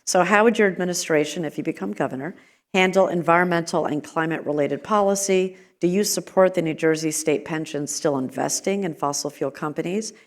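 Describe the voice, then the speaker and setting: A woman with a notably low voice puts a question to a candidate from the audience at a town hall. She speaks in a measured, concerned way. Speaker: audience member asking a question.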